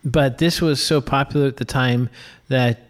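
A man co-hosting a casual film podcast, relaxed and chuckling often as he talks. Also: mid-range voice, normal speed. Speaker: podcast co-host, filmmaker.

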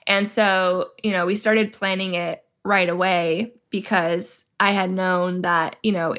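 A woman's voice: fairly low pitch, fairly even intonation, unhurried, fairly bright tone, smooth. A young woman, a military spouse guest on a podcast, telling her story animatedly and acting out quoted dialogue with lots of "like". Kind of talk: casual storytelling interview.

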